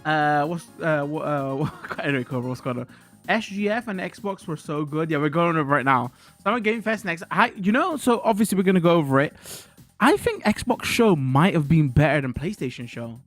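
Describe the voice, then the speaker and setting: A man's voice: a little high, expressive, moderate pace, fairly bright tone, faint music behind. A man ranting animatedly to his livestream chat, swearing and restarting his sentences. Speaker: streamer.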